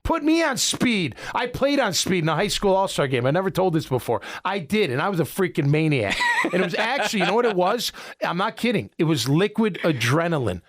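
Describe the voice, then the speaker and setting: Animated middle-aged man telling stories. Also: sits high, fast, hardly any pauses. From Illinois. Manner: animated, rambling storyteller with many restarts. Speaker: sports radio host. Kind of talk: casual sports talk and storytelling.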